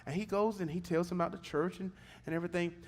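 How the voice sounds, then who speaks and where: A man preaching a sermon in church, moving between relaxed storytelling and fervent exhortation. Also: high voice, fast. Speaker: pastor. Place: church service.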